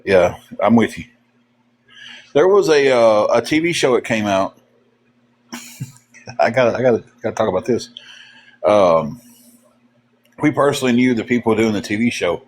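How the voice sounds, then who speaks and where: A man hosting a livestream tells rambling, folksy stories to his chat, full of fillers and restarts. His voice is on the low side with lively intonation, normal speed, and long pauses. The recording is rough.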